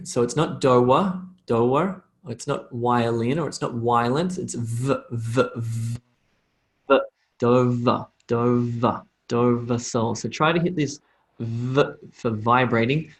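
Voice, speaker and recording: A man with an Australian accent teaching English pronunciation in a live online lesson, drawing out model phrases for students to repeat. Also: medium pitch. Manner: slow, drawn-out model phrases for repetition.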